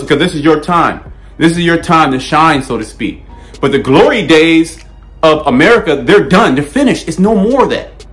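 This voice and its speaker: Faint music plays behind a man preaching with animated energy, his fairly high voice a bit bright and his speed normal. The sermon is fiery, blunt, and profane, with emphatic repetition and frequent stammered restarts. He constantly peppers it with "okay?" and "all right?"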